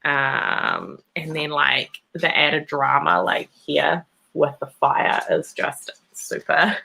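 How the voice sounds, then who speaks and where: A woman's voice: low voice, lively intonation, takes it slowly, vocal fry, pushed and bright, slight background noise, poor audio. A woman in her thirties with a New Zealand accent and a slightly nasal voice, co-hosting a casual comics chat with lots of fillers. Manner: chatty, filler-heavy, upbeat. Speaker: podcast co-host.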